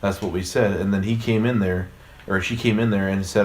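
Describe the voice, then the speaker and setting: A man's voice: on the low side, level tone, brisk, slight background noise. A young man chatting casually over a game, telling a long rambling story full of restarts. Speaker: let's play co-host. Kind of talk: casual gaming chat.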